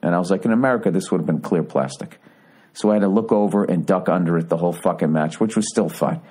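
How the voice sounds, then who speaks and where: A man's voice: low voice, quick pace, dark tone, breathy edge. A man in his forties hosting a podcast, telling a rambling story in a profane, mock-indignant rant. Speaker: podcast host. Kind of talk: casual comedic monologue.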